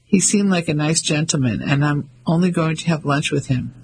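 A man voicing Ellie, calm woman. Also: fairly high pitch, moderate pace, slight background noise, close to an everyday voice, low-quality recording. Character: woman Ellie, curious English traveller.

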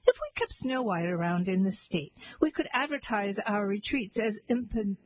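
A woman's voice: medium pitch, big pitch swings, normal speed, a little hiss or hum, natural voice, low-quality recording. A woman voicing a scheming male giant leader in a storybook reading, firm and authoritative. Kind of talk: storybook character voice.

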